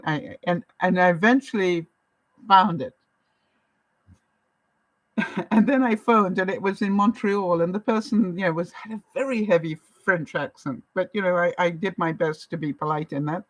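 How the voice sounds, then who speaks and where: A woman's voice: lowish voice, normal speed, no room sound, low-quality recording. A woman, talking to camera as a vlogger in a chatty storytelling way, often breaking into laughs. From Canada. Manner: animated, chatty, laughs often while telling stories.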